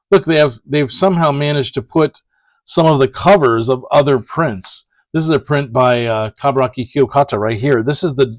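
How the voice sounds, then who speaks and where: A man with a medium-pitched voice, recorded dry, chats casually about prints while opening packages. He's a print collector vlogger who rambles, corrects himself, and leans on lots of fillers.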